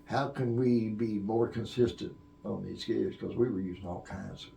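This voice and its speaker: An older man with a gravelly, creaky voice spins a long, rambling tale. He stumbles through fillers and restarts as he goes. The sound is roomy and echoey. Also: fairly low pitch, steady tone, normal speed, mellow, slight background noise. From Oak Cliff, Texas. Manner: rambling storyteller with many fillers and restarts, acting out quoted voices. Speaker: guest, music producer and live sound engineer. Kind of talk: long storytelling interview. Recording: roomy echo.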